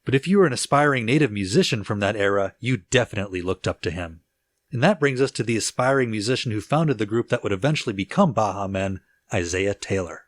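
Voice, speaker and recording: A man's voice: lowish voice, quick pace, dry recording. Laid-back man telling a music story. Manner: relaxed storyteller, laughs easily, lots of filler "like". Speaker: podcast co-host. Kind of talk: casual music-history podcast narration.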